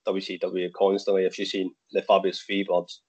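Husky, low-voiced man. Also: a little fast. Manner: relaxed, chatty, laughs easily. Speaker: podcast guest. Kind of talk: casual chat. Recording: muffled lo-fi remote audio.

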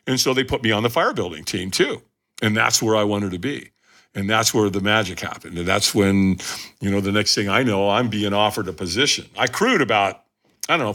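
A man who is a podcast guest, telling a story in an animated, emphatic way and often addressing his listeners directly. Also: on the low side.

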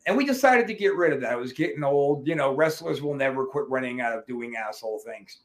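A man hosting a podcast, telling stories in a profane, animated, casual way. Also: medium pitch, a little fast, echoey room. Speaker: podcast host.

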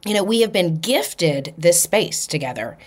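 A woman hosting a spiritual podcast, telling a personal story in an earnest, animated way and acting out the dialogue. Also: fairly low pitch, unhurried, husky. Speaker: podcast host.

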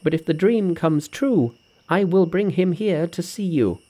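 A man's voice: high voice, animated, a little slow, dark tone. A man reading an audiobook who voices a boastful, cocky male monkey hero in a brash, confident manner. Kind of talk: audiobook character voice.

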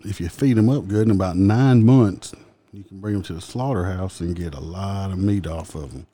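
A man with a low, dark voice trades casual banter as co-host. He teases and jokes, often breaking into laughter. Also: moderate pace. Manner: teasing, joking, laughing often.

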